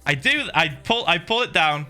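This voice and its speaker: A man chatting on his livestream with a bright, forward tone and a voice that leaps up and down as he talks. He tells the story in a loose, animated way, laughing, swearing freely and filling pauses with fillers. Faint music plays underneath. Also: on the high side. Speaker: livestream host. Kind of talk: casual storytelling chat.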